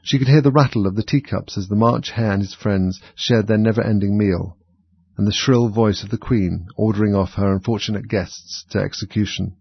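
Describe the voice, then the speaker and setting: A man calmly narrating a storybook in a measured way. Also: fairly low pitch, slightly rough, no echo. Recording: dull, dry lo-fi recording.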